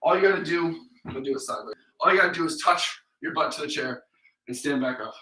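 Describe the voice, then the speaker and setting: A young fitness instructor from New York or Vermont leads a live workout class in a fast, lively, somewhat high voice that sounds pushed and bright. Out of breath while exercising, he counts reps and encourages everyone, his voice roomy from a distant mic.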